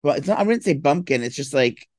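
A man chatting casually in a very dry, close-miked sound, his voice groggy and slowed from a late night of drinking. He rambles through his stories, stacking fillers, then now and then breaks into a mock-tough shout before sliding back into his drowsy drawl. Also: a little high, lively intonation, dry recording. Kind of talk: casual chat.

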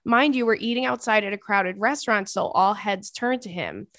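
A woman's voice: medium pitch, normal speed, no echo, clean studio sound. Woman dramatically retelling a listener story. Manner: expressive, dramatic storytelling with frequent exasperated asides. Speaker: podcast host. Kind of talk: casual chat, reading a listener's email aloud.

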